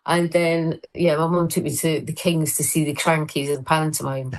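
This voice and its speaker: Woman, middle-aged, low-ish voice, rambling, self-deprecating, casual chat. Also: steady tone, moderate pace, rough recording. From Scotland. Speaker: comedian guest.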